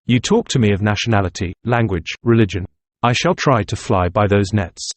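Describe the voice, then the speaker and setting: A man's voice: fairly low pitch, normal speed, no echo, close to an everyday voice. A man voicing a proud, aloof young male student who speaks in a cutting, intense way, in an audiobook reading. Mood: brooding.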